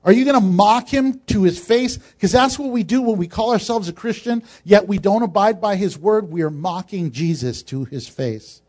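A man's voice: high voice, normal speed, hardly any pauses, darkish tone. A male pastor preaching a sermon in a conversational way, with joking asides.

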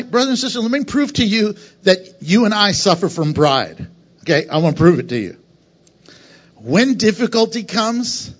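A man preaching a sermon to his congregation as pastor, animated and conversational, slipping into quick lines of imagined dialogue. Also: high voice, husky, dull audio. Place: church sanctuary.

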